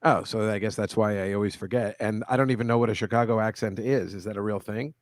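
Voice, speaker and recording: A man's voice: on the low side, steady tone, fast talker, no echo. A man hosting a casual comedy show, chatting with a guest in a rambling, self-correcting way. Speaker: host. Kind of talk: casual video-call chat.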